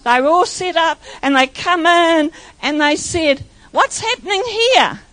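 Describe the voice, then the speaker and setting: A woman's voice: sits high, measured pace, fairly bright tone, dry recording. An older woman, a pastor telling church stories in a rambling, emotional way. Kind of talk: church testimony.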